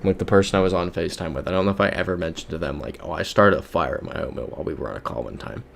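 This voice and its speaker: This young American streamer's voice is low, creaky, and very fast, with a little hiss or hum in the recording. He chats casually through a geography game, muttering his guesses and reading viewers' comments out loud.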